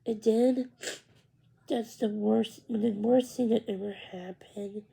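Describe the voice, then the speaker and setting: A woman's voice: on the high side, slow pace, vocal fry, rough recording. A woman reading aloud and voicing a gushing, dramatic young woman in a children's storybook, emphatic and full of superlatives. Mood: tearful. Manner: breathless and emphatic, stacking superlatives.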